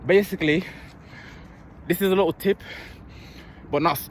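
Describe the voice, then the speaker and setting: A young man chats to his camera at an outdoor park court, blunt and loose, swearing freely as he goes. His voice sits a little high for a man. Traffic and city noise hum clearly behind him. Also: normal speed. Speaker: fitness vlogger. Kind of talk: casual vlog chat. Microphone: handheld or propped-up camera. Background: city ambience with passing vehicles.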